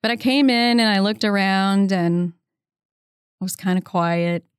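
A woman's voice: mid-range voice, unhurried, clean tone, dry recording. Chatty woman in her fifties, dry sound. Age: 50s. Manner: animated storyteller who acts out quoted people; chatty, with frequent "um" and "you know". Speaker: interview guest. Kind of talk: casual storytelling in an interview.

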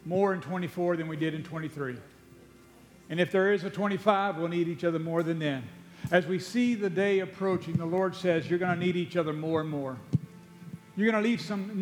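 A male pastor delivers a sermon in a church with a long, echoing reverb, and his voice sits a little high. He slows down to press key phrases and tires easily, short of breath. A faint music bed plays underneath. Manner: preaching with slow, drawn-out emphasis and repeated words. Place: church sanctuary.

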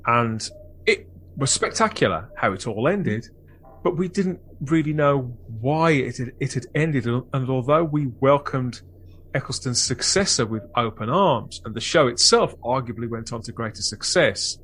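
A man hosting a fan podcast, talking in a wordy, reflective way with animated bursts. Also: medium pitch, normal speed, slight background noise. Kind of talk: casual chat and reflective narration.

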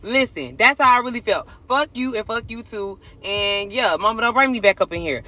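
A man's voice: high voice, expressive, moderate pace, few pauses, bright, forceful tone. A man talking casually to his viewers in a blunt, profane, emphatic confessional monologue. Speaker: vlogger.

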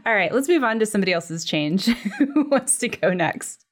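A woman's voice: mid-range voice, big pitch swings. A woman co-hosting a comedy podcast in casual chat, giggling often. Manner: giggly, drawn-out speech.

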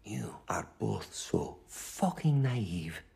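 A man's voice: fairly low pitch, expressive, drawn-out words, gravelly, background noise, heavily acted. A man voicing a foul-mouthed, scheming male pet cat in a Scottish accent, sneering and cutting. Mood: scornful.

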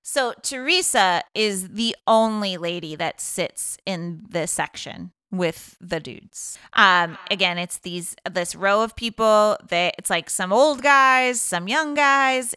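A woman's voice: mid-range voice, slow pace, sharp tone, clear, resonant tone, no echo, clean studio sound. A woman co-hosting a podcast, retelling a movie plot in a rambling, chatty way full of fillers. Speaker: podcast co-host recapping a film. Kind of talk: casual chat.

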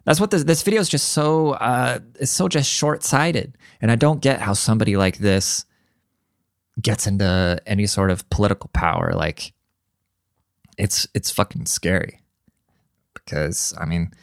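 A man's voice: on the low side, no echo, clean studio sound. A man hosting his own podcast, ranting bluntly and profanely in casual commentary. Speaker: podcast host.

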